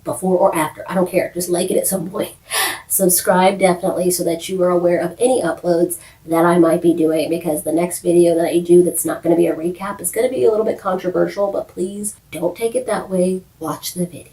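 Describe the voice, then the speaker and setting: Chatty woman with a lowish voice. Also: a little fast, distant mic, low-quality recording. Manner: animated storytelling, quotes characters, frequent laughs. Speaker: YouTube show recap host. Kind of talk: casual chatty TV recap.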